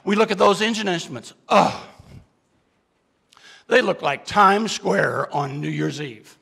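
A man telling a dramatic story as a keynote speaker to an audience. He asks the listeners questions and moves from loud, urgent bursts to hushed, confessional lines. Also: sits high, expressive, moderate pace, creaky, breathy edge, long reverb tail.

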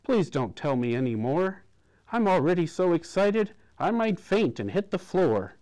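A man reading a storybook aloud, voicing an excited expectant mother who is secretly a dragon, with a breathless, gushing manner. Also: on the low side, a little slow.

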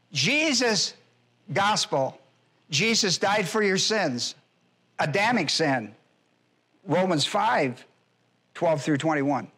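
Pastor, man, higher-pitched, teaching verse by verse with heavy emphasis and repetition. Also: fairly bright tone. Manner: emphatic, repeats key phrases, spells out Greek words. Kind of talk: expository Bible teaching.

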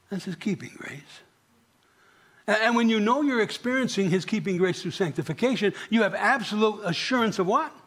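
Preaching in church, a male pastor speaks in a high, fairly bright voice with lively intonation and a slightly fast pace. He talks conversationally with the congregation and asks them questions.

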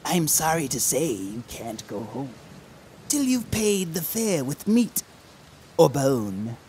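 A man's voice: very animated, slow. A man hissing as a sinister monster bus driver. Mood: menacing. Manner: hissing, low and soft.

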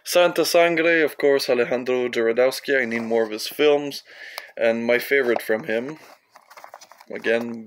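A man's voice: mid-range voice, gravelly, a little hiss or hum. A young man from Canada rambling casually through his film collection, with offhand, profane asides.

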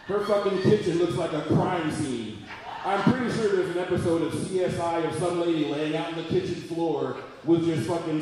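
Crude stand-up comic man in his forties. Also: fairly high pitch. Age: 40s. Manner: crude, loud, profane. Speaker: stand-up comedian. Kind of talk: stand-up comedy routine. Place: live comedy venue. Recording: echoey room, mic far off, audience noise.

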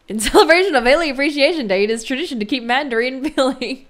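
A woman with a high, bright-toned speaking voice chats casually with her viewers as a streamer. She talks in a giggly, playful way, often breaking into high squeals of surprise. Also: animated, brisk. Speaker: music streamer.

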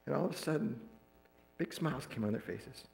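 A man's voice: medium pitch, a little fast, gravelly, darkish tone, roomy sound, poor audio. A man preaching a sermon, retelling a counseling story and acting out the lines of the people in it. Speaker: pastor. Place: church sanctuary.

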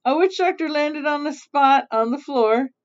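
A woman's voice: high-pitched, expressive, moderate pace. A woman reading a picture book aloud in a casual way, often stopping to explain things. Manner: chatty, stops to explain and laugh. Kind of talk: casual read-aloud storytelling. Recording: dull lo-fi recording.

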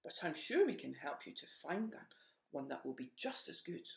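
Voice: mid-range voice, big pitch swings, gravelly, reverberant. A storyteller voicing a timid little hedgehog who speaks shyly and hesitantly. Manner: slow, shy, hesitant.

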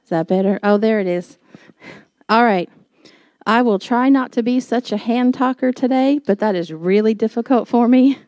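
Lady pastor telling a funny story in church, kinda high voice, animated, dry mic. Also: moderate pace, no echo. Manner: chatty, storytelling, animated quotes, laughs at herself. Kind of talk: sermon with personal stories.

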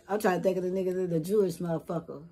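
A woman's voice: fairly low pitch, fairly even intonation, fast talker, dark tone, husky. A woman vlogger giving a rambling, profane opinion rant to camera in casual street slang.

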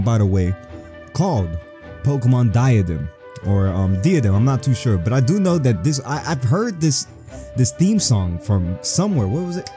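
A man's voice: medium pitch, very animated, moderate pace, dark tone, soft background music. A young man giving casual, slangy and profane commentary as he plays a video game. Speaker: let's-play host.

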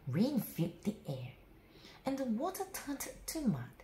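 A woman reading a children's bedtime story aloud in an expressive, sing-song way. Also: mid-range voice, unhurried, roomy sound, slight background noise, poor audio.

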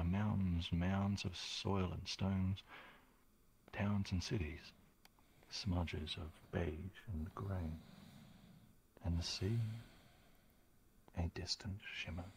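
An actor playing a solemn male game narrator, speaking slowly in a hushed voice that often drops to a whisper. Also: sits low, vocal fry, husky, full character voice. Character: solemn adult male storyteller guiding the players.

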